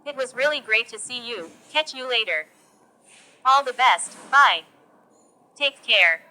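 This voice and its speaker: A woman teaching English, reading example phrases for learners one by one in a slow, deliberate delivery. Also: on the high side, expressive, bright, forceful tone.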